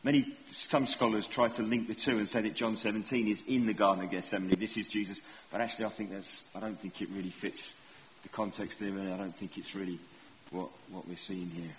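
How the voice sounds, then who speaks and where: A man's voice: on the low side, flat delivery, brisk, slight background noise. A middle-aged man preaching a sermon in a conversational, self-deprecating way, often asking the congregation questions. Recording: long hall reverb, faint ambience.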